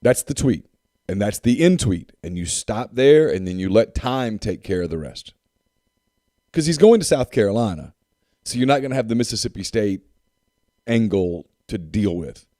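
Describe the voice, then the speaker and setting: A man's voice: lowish voice, lively intonation, normal speed, warm tone, no echo, studio quality. A man co-hosting a sports podcast in casual chat, emphatic and repeating points for effect. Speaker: podcast co-host.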